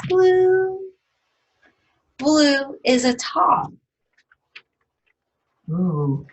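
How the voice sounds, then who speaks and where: A woman teaching a children's music lesson, gently asking questions and singing short phrases and rhythm syllables. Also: high voice, husky.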